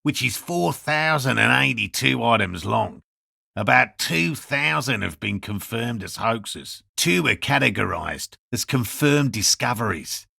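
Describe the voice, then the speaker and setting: Earnest, patient cryptozoologist; bright, tense, gravelly game voice, precise and lecturing. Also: male voice, mid-range voice, expressive, unhurried, no echo, studio quality, exaggerated voice. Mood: explaining. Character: earnest middle-aged male cryptozoologist, patient and hopeful. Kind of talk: video game voice acting.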